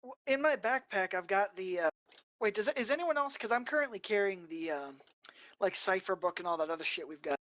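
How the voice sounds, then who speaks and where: A woman's voice: medium pitch, animated, brisk, fairly bright tone, dry recording, highs cut off. A woman playing in a tabletop game, chatty and exclaiming. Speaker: player. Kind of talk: casual tabletop play.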